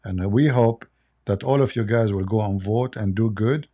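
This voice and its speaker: A man's voice: on the low side, normal speed, mellow. A middle-aged man with an Arabic accent hosting a livestream, blunt, mocking and emphatic in his commentary. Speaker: livestream host.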